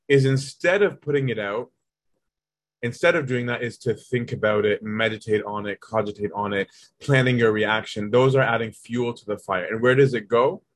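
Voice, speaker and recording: A man giving a casual spoken teaching, explaining a text in plain everyday examples and often checking in with his listeners. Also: mid-range voice. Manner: conversational, keeps checking in with listeners. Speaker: teacher leading a study of an early Christian text.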